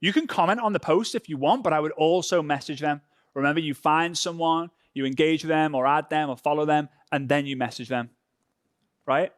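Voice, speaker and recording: A man's voice: a little high, fairly quick, dry recording, studio quality. A European man running a live online social media training session, talking casually and often checking in with "right?". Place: home.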